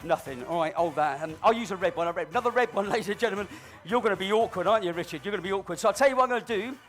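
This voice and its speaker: High-voiced man teasing a crowd. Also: racing, faint music behind. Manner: cheeky, teasing, mock-dramatic, shifts between loud announcing and low asides. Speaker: balloon-modelling comedy entertainer. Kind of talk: live stage comedy patter with audience. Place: stage before a live audience.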